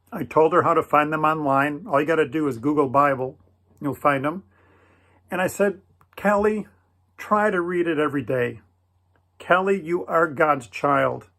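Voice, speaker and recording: Male storyteller, higher-pitched, earnest and gentle, preacherly cadence. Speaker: Christian video creator. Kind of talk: personal storytelling.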